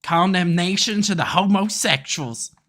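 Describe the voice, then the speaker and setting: A man doing a cheery Southern American guy with a broad mock drawl, louder and higher than his normal voice, greeting everyone with boisterous, over-the-top friendliness. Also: measured pace. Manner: exaggerated, boisterous caricature.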